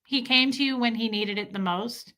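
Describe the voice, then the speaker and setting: A young woman chats on a livestream with a bright, clear tone. She talks casually and with feeling, full of likes and restarts, as she answers her viewers. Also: fairly high pitch, normal speed. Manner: emotional, heartfelt storytelling with many fillers.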